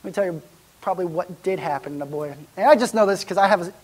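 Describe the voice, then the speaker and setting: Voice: mid-range voice, quick pace. A pastor preaching a sermon in a church, in a conversational way that wonders aloud and asks rhetorical questions.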